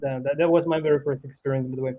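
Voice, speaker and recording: A man from Ukraine speaking English in a casual chat, halting with many restarts and fillers. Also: mid-range voice, steady tone, phone-quality sound. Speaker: programmer and YouTuber. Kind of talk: casual conversation.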